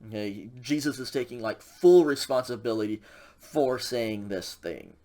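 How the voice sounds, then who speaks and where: A man's voice: mid-range voice, measured pace, a little mellow. A man teaching a recorded Greek grammar lecture in a casual way, with many fillers and frequent checks with the class. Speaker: Greek instructor.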